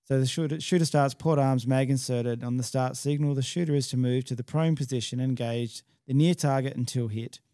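Male podcast regular, warm tone, dry sound, talks through technical details. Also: mid-range voice, fairly even intonation, fairly quick, few pauses, no room sound. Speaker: match director. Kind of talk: casual podcast chat.

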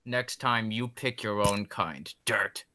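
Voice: medium pitch, lively intonation, a little fast, pushed and bright. A teenage student actor reading a cocky, sneering rich boy who mocks and laughs at others. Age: teens. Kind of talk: school play read over a video call.

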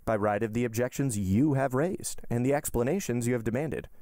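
A man voicing a suave, ironic wealthy count in an audiobook reading, smooth and politely mocking. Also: medium pitch, a little fast, dark tone, dry recording, clean studio sound, voice pushed up, natural voice. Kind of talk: audiobook character voice.

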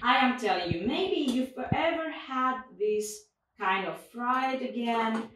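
A woman's voice: fairly high pitch, animated, slow, distant mic, background noise. Woman, cooking-show host; chatty, walks through steps; echoey kitchen, off-mic. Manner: chatty, explains step by step with non-native phrasing. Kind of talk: casual cooking demonstration. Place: home kitchen.

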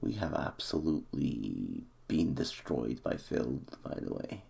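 A man with a very deep, gravelly voice talks through a football management game as he plays. He speaks slowly, muttering nervously to himself, then bursts out cheering. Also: very animated, darkish tone. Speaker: gaming YouTuber. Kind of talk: live game commentary.

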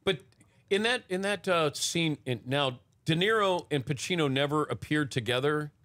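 A man hosting a talk show, asking quick conversational questions in a casual interview. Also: on the high side, lively intonation, fairly bright tone.

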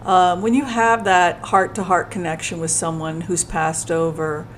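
A woman's voice: on the low side, flat delivery, a little slow, slight background noise, poor audio. Gushing woman interviewer on a video call. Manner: warmly reactive, gushing. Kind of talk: casual interview chat.

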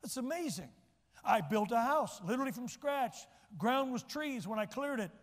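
A man's voice: extremely high pitch, lively intonation, normal speed, in a large hall. A man preaching a sermon as pastor, telling personal stories and building to emphatic lines. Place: church sanctuary.

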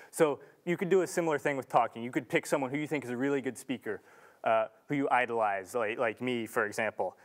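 A young male student speaks at medium pitch and a fast pace, giving an earnest, casual talk to an audience in a large lecture room. He restarts his sentences and fills gaps with ums.

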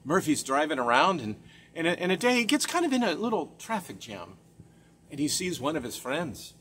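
Animated high-voiced man telling a joke. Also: normal speed, slight background noise. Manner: animated, dramatic gasps and swoops. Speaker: storyteller.

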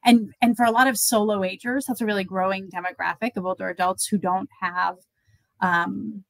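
A woman's voice: medium pitch, steady tone, moderate pace, vocal fry, dry recording, rough recording. A woman guest on an interview show, explaining end-of-life conversations through examples in a thoughtful, conversational way with some fillers.

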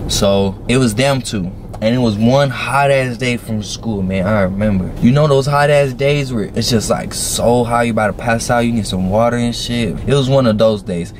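A man's voice: medium pitch, normal speed, hardly any pauses, noisy background. A young man casually telling a story to camera, slangy and profane, with plenty of fillers. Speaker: vlogger.

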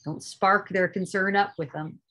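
A woman with a mid-range voice and fairly level intonation speaks a little slowly while sharing earnest spiritual teachings with an online group. Her emphasis comes in loud bursts followed by soft asides, and she swears casually.

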